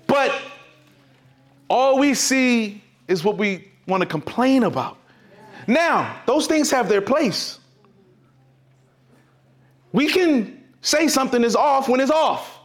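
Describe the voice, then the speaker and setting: A man preaching a sermon as pastor, emphatic and repetitive. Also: sits high. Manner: emphatic, repetitive preaching with sudden swings in loudness.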